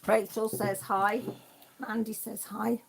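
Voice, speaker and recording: A woman with an English accent hosting a casual live chat from home, rambling and quick to laugh. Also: mid-range voice, flat delivery, creaky. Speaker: craft channel host.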